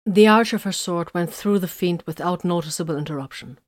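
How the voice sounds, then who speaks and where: A woman reading a fantasy story as narrator, with steady, measured storytelling. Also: fairly low pitch, no echo, studio quality. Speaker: audiobook narrator. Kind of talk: scripted narration.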